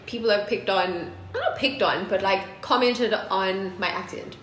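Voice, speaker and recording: A woman from South Africa co-hosting a podcast in casual chat, animated and laughing often. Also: mid-range voice, a little slow. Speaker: podcast co-host. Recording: roomy with faint noise.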